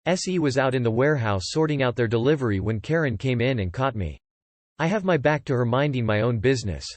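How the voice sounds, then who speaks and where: A man narrating first-person stories in a plain, even reading style. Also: mid-range voice, fast, no echo. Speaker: story reader. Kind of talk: scripted narration.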